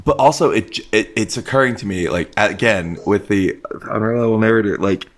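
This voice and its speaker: A man with a low voice riffs on a movie with his co-hosts. He is animated and profane, putting loud emphasis on his reactions. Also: brisk. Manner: animated, swears often, bursts of emphasis. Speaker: podcast co-host. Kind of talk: casual movie discussion.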